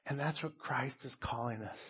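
A middle-aged man preaching a sermon as a pastor, slow and emphatic, dropping to hushed tones at times. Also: mid-range voice, breathy edge, dull audio.

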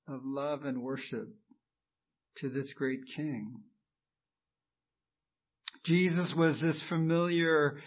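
Slow, fervent preaching man. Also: fairly high pitch, dull audio. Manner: emphatic, rising to fervent exclamations. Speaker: pastor. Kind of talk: sermon.

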